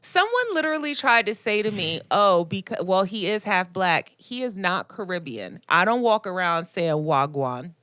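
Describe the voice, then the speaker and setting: A young woman co-hosting a casual podcast, talking in an animated, opinionated way with quick asides. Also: medium pitch, dry recording, clean studio sound. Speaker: podcast co-host. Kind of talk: casual chat.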